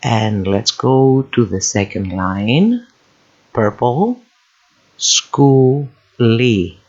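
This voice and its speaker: A man's voice: on the low side, big pitch swings, takes it slowly, a little mellow. A man teaching reading as a language tutor, patiently repeating each word and syllable for the listener to copy. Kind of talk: slow instructional voice-over. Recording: dull lo-fi voice-over.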